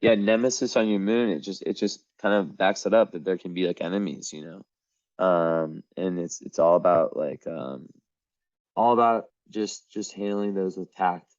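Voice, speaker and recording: A man with a very low, deep voice gives a casual astrology reading, wandering from thought to thought with constant hesitations. His voice is wearing thin and hoarse. The recording is dull and lo-fi, with a dry, close sound. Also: normal speed, darkish tone, dry recording. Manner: meandering, hesitant, full of "like". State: losing his voice.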